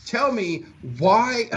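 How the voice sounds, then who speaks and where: A man's voice: very high voice, very slow, fairly bright tone, breathy edge, muffled recording. A man co-hosting a podcast in casual chat, rambling and poking fun at himself. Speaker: podcast co-host.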